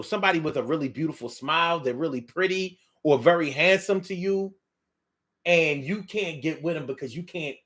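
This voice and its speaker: Animated Philadelphia man with a lively voice. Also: fairly high pitch. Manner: animated, repeats phrases, drawls words for effect. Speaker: host. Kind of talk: casual monologue.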